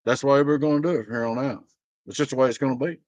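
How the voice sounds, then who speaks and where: A man's voice: medium pitch, very fast, a little mellow, dry recording. Blunt, aggrieved man ranting. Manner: blunt, aggrieved, rambling storytelling. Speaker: small business owner. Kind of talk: casual ranting vlog. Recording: dry, dull lo-fi sound.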